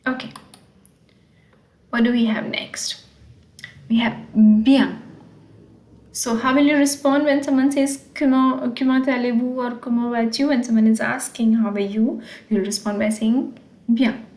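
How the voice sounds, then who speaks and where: A woman teaching French greetings, reading words and explaining them, repeating each one slowly and carefully. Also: on the high side, steady tone, a little mellow, reverberant. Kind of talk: explaining language lesson.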